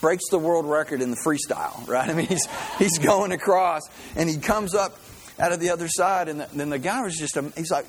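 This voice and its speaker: A man's voice: on the high side, slight background noise, poor audio. Folksy man preaching a sermon. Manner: folksy storytelling, halting with fillers and restarts. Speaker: pastor.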